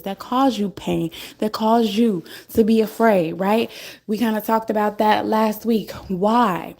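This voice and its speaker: A woman on a livestream talks through a spiritual message in a loose, musing way. She circles back on her points and keeps checking in with "okay?". Her voice is mellow and mid-pitched. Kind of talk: casual spiritual livestream talk.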